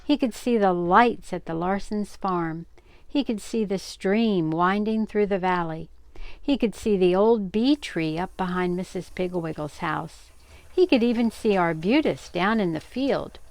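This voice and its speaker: An older woman reading a children's story aloud, gentle and expressive. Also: medium pitch, unhurried, no echo.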